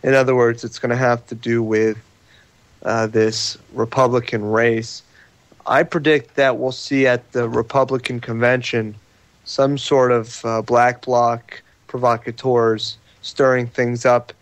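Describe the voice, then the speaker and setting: A male guest on a live talk radio show gives his views in a halting way, filling his pauses with uh. His voice sits in a middle range. The sound is close and dry. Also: medium pitch, flat delivery, no echo.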